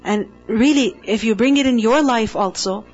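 A woman's voice: a little high, moderate pace, darkish tone, slightly rough, highs cut off, faint music behind. A woman teaching the meaning of a Quranic word to a class, speaking emphatically and checking in with rhetorical questions.

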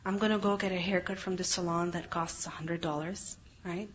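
A woman's voice: fairly low pitch, steady tone, brisk, slight background noise, pitched below the performer's own voice, lightly acted. A woman voicing a spoiled, greedy teenage girl who rattles off long breathless wish lists. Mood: dreamy. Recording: dull lo-fi recording.

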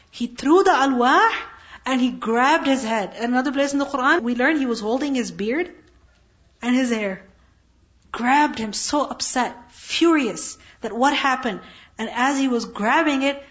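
A woman's voice: on the high side, animated, moderate pace. A woman teaching a Quran lesson, reciting Arabic verses and translating them line by line. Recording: dull lo-fi recording.

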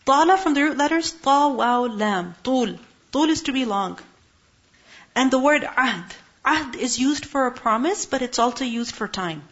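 A woman's voice: high voice, animated, quick pace. A woman teaching a Quran lesson, explaining Arabic words and asking her listeners questions. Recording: muffled lo-fi recording.

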